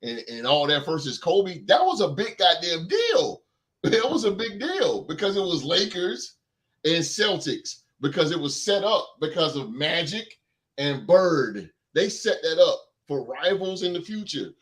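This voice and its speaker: A man's voice: on the high side, big pitch swings, a little slow, fairly bright tone. A man hosting a sports podcast, ranting with emphatic repetition and then reading sports news aloud. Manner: emphatic, repeats phrases for effect. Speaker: podcast host.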